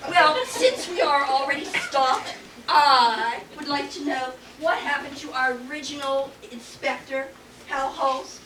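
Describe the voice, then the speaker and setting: A woman's voice: sits high, measured pace. A woman acting a sarcastic, vain stage actress in a comedy, recorded far off in an echoey hall. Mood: catty. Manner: sarcastic and mocking. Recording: echoey stage from a distant mic, faint hiss.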